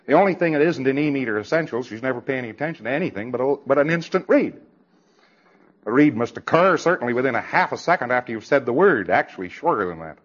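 A man's voice: medium pitch, lively intonation, quick pace, highs cut off. A man giving an emphatic lecture to a congress audience, with wry, sarcastic asides.

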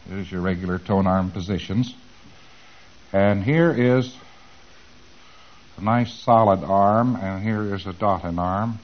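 A man's voice: deep voice, takes it slowly, long pauses, lo-fi sound. A man giving an informal lecture, animatedly acting out both sides of the dialogues he describes.

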